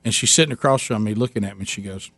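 A man's voice: lowish voice, rapid-fire, no echo. A man hosting a talk show, telling a long funny family story with lots of restarts and acted-out quotes. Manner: animated storyteller, many restarts, acts out his wife's lines. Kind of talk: casual storytelling chat.

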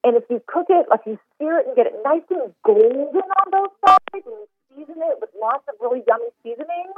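A woman's voice: sits high, lively intonation, fairly quick. A woman chef giving cooking advice in a casual podcast interview, enthusiastic and talking in long run-on explanations. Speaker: chef and recipe developer. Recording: tinny phone line, dry.

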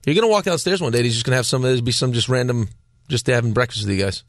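Quick-talking teasing radio co-host man. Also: medium pitch, no room sound, clean studio sound. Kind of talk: casual sports radio banter.

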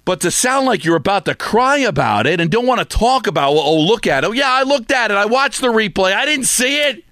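Man, sports talk rant, emphatic, scolding, bright forceful tone. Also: sits high, sing-song, no echo, studio quality. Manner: emphatic, scolding, rapid-fire repetition. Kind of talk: opinionated sports radio rant.

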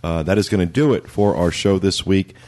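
A man's voice: low voice, a little fast, a little mellow. A man hosting a casual podcast in an easygoing way, wrapping up the show. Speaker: podcast host.

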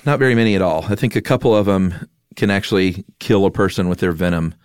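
A man's voice: sits low, quick pace, clear, resonant tone, no echo, clean studio sound. A man co-hosting a podcast in casual, jokey chat, laughing often and reading from his notes. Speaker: podcast co-host.

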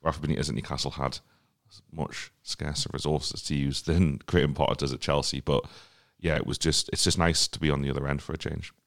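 A man's voice: extremely low pitch, level tone, fairly quick, vocal fry, a bit bright. A man hosting a football podcast, chatting casually and handing topics over to his co-hosts. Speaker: podcast host.

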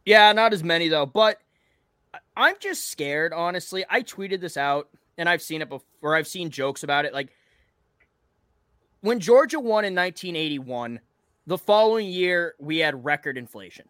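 A man's voice: a little high, animated, normal speed, a bit bright, clear, resonant tone, no room sound, clean studio sound. A man co-hosting a sports podcast in casual chat, joking and swearing freely. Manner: profane, joking banter. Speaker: podcast co-host.

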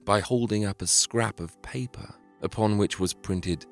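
A man narrating a scripted historical story in a measured, dramatic way. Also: on the low side, soft background music.

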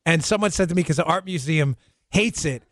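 A man's voice: fairly high pitch, brisk, no room sound, clean studio sound. A man hosting a podcast, chatting casually and joking with a guest, laughing often. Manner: animated, laughing, jokey. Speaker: podcast host. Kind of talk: casual chat.

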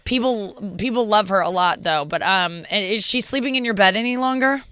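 A podcast host in casual chat who is excitable, laughs a lot and cuts in often. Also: medium pitch, a little fast, smooth, no echo.

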